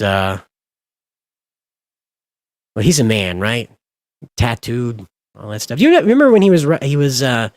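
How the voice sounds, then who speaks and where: Animated, exasperated male streamer. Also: medium pitch, no echo, studio quality. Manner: exasperated, sweary, sarcastic. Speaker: livestream host. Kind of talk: casual ranting stream commentary.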